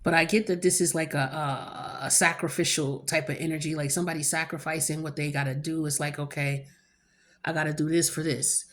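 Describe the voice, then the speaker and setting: A woman's voice: sits low, level tone, brisk. A woman giving a casual tarot reading to camera at home, chatty and blunt, talking in loose slang and cursing freely. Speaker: tarot card reader.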